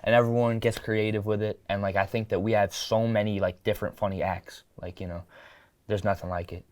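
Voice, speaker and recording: A man's voice: on the low side, flat delivery, fairly quick, darkish tone, no echo. A teenage boy chatting as a guest on a school broadcast, upbeat and rambling, talking with his mouth full. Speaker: student guest, upcoming event host. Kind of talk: casual chat interview.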